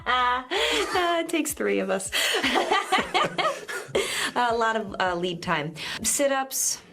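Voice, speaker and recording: A woman on a talk show casually telling funny stories, animated and quoting others in playful voices. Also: high voice, drawn-out words, background noise. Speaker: actress talk-show guest.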